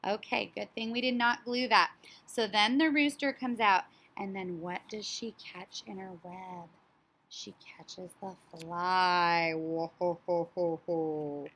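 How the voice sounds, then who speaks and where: A woman teacher talks young children through the order of a story, slowly and with clear, careful emphasis. Her voice is bright and forward, and her delivery is animated and child-friendly. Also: mid-range voice. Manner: slow, animated, child-directed, imitates animal sounds.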